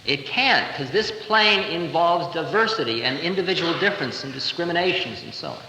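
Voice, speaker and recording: A spiritual teacher in his thirties gives a playful, conversational lecture, recorded live in a large hall in 1970. His voice is on the high side, animated, bright and forceful, a little fast, with a touch of hiss or hum in the recording.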